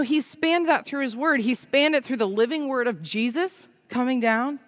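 A woman in her thirties preaches in a loose, conversational way, sprinkling her talk with "right?" and "like". Her voice sits high, and she laughs easily as she tells stories to the congregation. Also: fairly bright tone. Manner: chatty, frequent "right?" and "like", laughs while telling stories. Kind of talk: conversational sermon.

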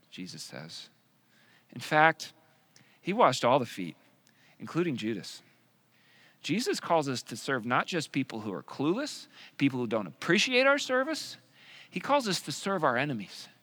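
A male pastor preaching a sermon in an animated, conversational way with joking asides. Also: medium pitch.

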